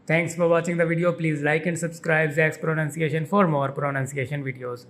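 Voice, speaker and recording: A man hosting a pronunciation guide, speaking slowly and deliberately and repeating each word several times. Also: a little high, level tone, fairly bright tone. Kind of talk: slow, careful pronunciation lesson.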